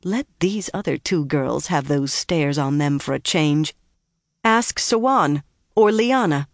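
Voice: mid-range voice, expressive, slow, dry recording, studio quality. An audiobook narrator voicing a young woman who insists on steering attention away from herself. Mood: insistent.

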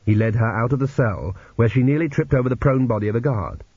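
A man narrating an audiobook in an expressive reading voice. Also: mid-range voice, fast, husky, dry recording. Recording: dull lo-fi recording.

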